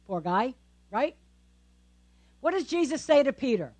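A woman's voice: high-pitched, sing-song, normal speed, long pauses, darkish tone. Woman pastor preaching, chatty and questioning. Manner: conversational preaching with frequent tag questions. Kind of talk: sermon.

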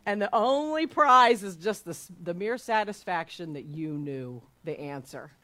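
A woman's voice: fairly low pitch, animated, unhurried, bright, forceful tone. A woman leading a Bible study group in a playful devotional talk, teasing the group and stretching out her phrases like a game-show host. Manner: chatty and teasing, laughs easily.

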